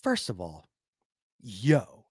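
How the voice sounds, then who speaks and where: A husky, fairly low voice draws out its words over clean studio sound free of room noise. It belongs to a comedian streaming to his live chat, casually recounting stories with plenty of swearing, animation, and silly noises.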